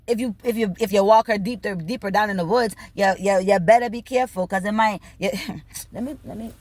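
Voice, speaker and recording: A woman's voice: medium pitch, fairly quick, dry recording. Bubbly woman ranting, dry close sound. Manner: animated, swears freely, acts out both sides of conversations; bubbly, laughs between lines. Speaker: vlogger. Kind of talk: casual storytelling rant.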